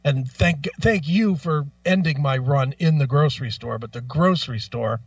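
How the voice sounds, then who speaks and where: A man's voice: medium pitch, moderate pace, creaky, no room sound, far from the mic, lo-fi sound. A man co-hosting a radio talk show, ranting in crude, profane banter during casual chat.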